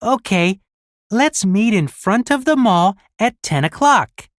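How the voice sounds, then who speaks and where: Cast a slow-spoken, friendly boy for a textbook listening dialogue, lively in pitch, dry studio sound. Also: no room sound. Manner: slow, careful, clearly spoken lines. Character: friendly young boy planning a shopping trip.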